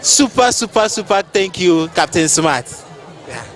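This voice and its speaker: A man's voice: high-pitched, big pitch swings, unhurried, music in the background, a crowd in the background. A man giving an emotional outdoor festival speech, repeating his thanks to sponsors on behalf of the town.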